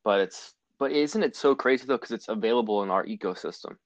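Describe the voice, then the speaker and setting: A man's voice: mid-range voice, brisk, no echo. A young man chatting casually on a podcast, eager and slangy, reacting to a friend's story. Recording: dry, slightly dull mic.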